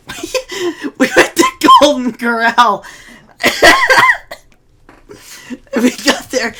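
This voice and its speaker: A man's voice: very high voice, sharp tone. A teenage boy telling a story casually in a rambling way, often breaking into laughter. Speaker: vlogger.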